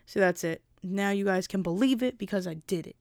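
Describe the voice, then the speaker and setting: A woman's voice: mid-range voice, brisk, a little mellow, no room sound, clean studio sound. A young woman vlogger chatting casually and rambling, often interrupting herself. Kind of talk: casual rambling chat to camera.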